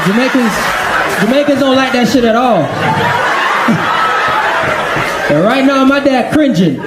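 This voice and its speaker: Slow-talking high-voiced man. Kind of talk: stand-up routine. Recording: echoey room, loud crowd and noise.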